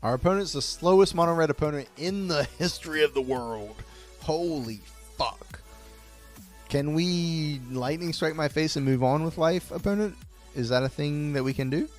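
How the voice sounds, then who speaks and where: A man streaming a card game live, reacting loudly to each play, swearing freely and talking to his chat. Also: fairly high pitch, normal speed, soft background music. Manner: excitable, swears a lot, talks to chat. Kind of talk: live-stream gameplay commentary.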